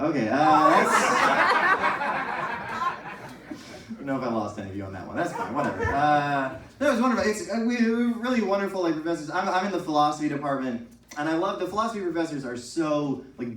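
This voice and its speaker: A young man performing a stand-up set, telling stories animatedly with exaggerated impressions of his professors. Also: mid-range voice. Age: young adult. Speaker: stand-up comedian. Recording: echoey room, from far off.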